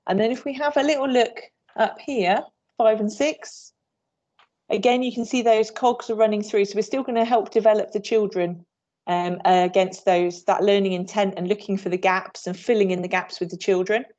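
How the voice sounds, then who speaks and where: In an online teacher workshop held over video call, an upbeat English PE trainer demonstrates moves while she speaks. Her medium-pitched voice has fairly even intonation, normal speed, and a slightly mellow quality, with the highs cut off.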